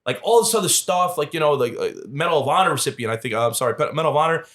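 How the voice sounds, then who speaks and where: A fast-talking podcast guest with a fairly high voice tells animated stories in a casual interview, acting out the voices of the people he quotes.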